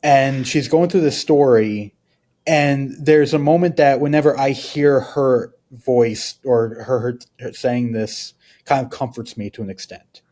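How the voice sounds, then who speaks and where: A man's voice: medium pitch, steady tone, a little slow, mellow. A man, a guest on a podcast, telling personal stories in a rambling, casual way. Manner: rambling, uses many fillers.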